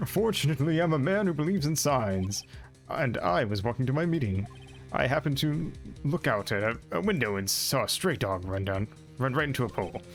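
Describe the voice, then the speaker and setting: A man's voice: mid-range voice, very animated, a little fast, soft background music. A man putting on a British accent for a pompous, commanding male police chief in a game.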